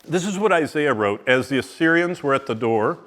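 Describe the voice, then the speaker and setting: A man's voice: mid-range voice, lively intonation, fairly quick, a bit bright. A man giving a teaching sermon to a live audience. He stresses single words and puts questions to the listeners. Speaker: Bible teacher.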